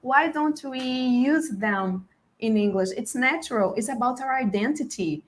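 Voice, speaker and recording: Brazilian woman on a video call, lively, emphatic, slightly high voice. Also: measured pace. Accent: Brazilian Portuguese. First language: Portuguese. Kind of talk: live online panel discussion.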